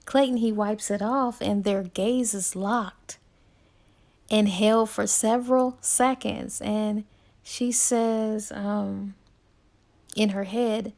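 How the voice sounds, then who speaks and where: A woman's voice: a little high, slow, pauses often. A woman casually retelling a novel's plot as a book reviewer, chatty and laid-back, full of ums and likes.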